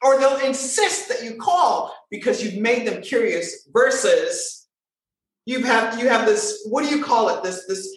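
A woman voice coach talking in a lively conversational way, with expressive, swooping emphasis. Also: a little high, unhurried. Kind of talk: animated conversational talk. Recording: very echoey room.

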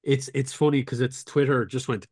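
A man's voice: medium pitch, steady tone, moderate pace, darkish tone, husky. Rambling man on a podcast. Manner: rambling, full of fillers and sweary asides. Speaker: podcast co-host. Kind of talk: casual pub chat.

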